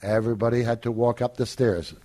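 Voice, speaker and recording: Older man telling lively stories. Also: mid-range voice, a little fast. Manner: animated storyteller who acts out quoted lines and laughs often. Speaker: guest. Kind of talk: casual storytelling in an interview.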